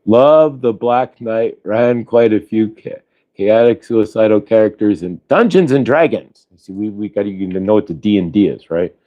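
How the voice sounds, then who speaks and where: A man hosting a morning show in a loose, rambling way, circling back and restarting his sentences. His voice sits on the low side and sounds close and dry, with almost no room around it. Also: moderate pace, no room sound, dull audio. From Ohio, US. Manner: rambling, with many restarts and tangents. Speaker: host. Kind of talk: casual chat.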